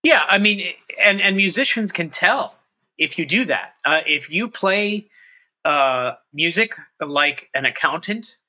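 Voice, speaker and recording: A middle-aged man, a trumpet professor, talking through his ideas in an interview, animated and thinking aloud with quick restarts. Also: high-pitched, rough recording. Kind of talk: conversational interview.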